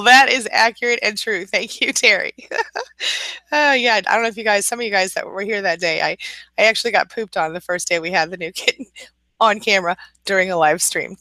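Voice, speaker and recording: On a live stream, a woman coaches viewers, reading their comments aloud and replying encouragingly while occasionally scolding her kitten. Her voice is lowish and sharp, with no echo.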